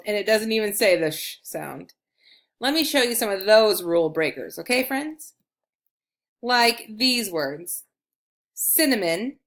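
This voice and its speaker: A woman teaching an early reading lesson to young children, speaking in an encouraging, clear way. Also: on the high side, a bit bright.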